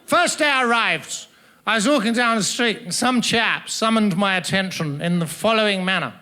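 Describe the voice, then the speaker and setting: A man's voice: high voice, moderate pace, sharp tone, smooth. A man doing stand-up comedy on a festival stage, teasing the audience with florid, mock-formal, pompous phrasing into a handheld mic. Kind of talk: stand-up comedy with crowd work. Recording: noisy live audience laughter.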